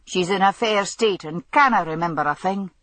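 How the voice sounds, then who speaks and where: A woman's voice: lowish voice, moderate pace, fairly bright tone, no room sound, close to an everyday voice. A woman voicing an easygoing young male constable, in an audiobook. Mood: earnest. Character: young Highland police constable, man, easygoing.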